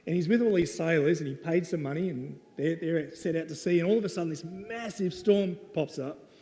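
A man's voice: fairly high pitch, fairly quick, mellow. A man preaching a casual storytelling sermon, conversational and playful. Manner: conversational and playful, with lots of "right?". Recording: long reverb of a hall.

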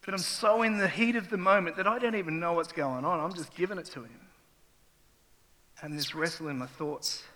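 A middle-aged pastor delivers his sermon a little fast from a church stage, his slightly high voice moving from quiet reflection to raw, impassioned testimony with mounting intensity. A long, open reverb from the hall carries his words.

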